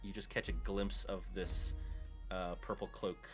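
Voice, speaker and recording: A man's voice: deep voice, flat delivery, a little slow, soft background music. A man running a tabletop game as game master, narrating the scene with a chuckling, storytelling manner.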